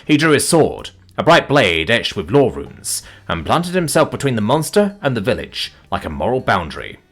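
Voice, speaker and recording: A man narrating a comic fantasy story with wry, deadpan asides. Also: medium pitch, normal speed, breathy edge, soft background music.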